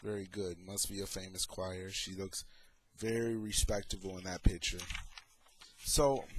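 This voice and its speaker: A man's voice: low-pitched, steady tone, slight background noise. A middle-aged man talking in a casual, sarcastic way as he comments on photos and his own troubles. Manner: sarcastic, slow and deliberate. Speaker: vlogger.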